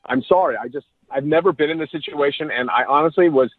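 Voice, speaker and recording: A man's voice: fairly high pitch, fast talker, no room sound. A man in his forties calling in to a radio show, awkward and stammering. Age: 40s. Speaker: caller. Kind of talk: phone call on radio. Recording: tinny phone line.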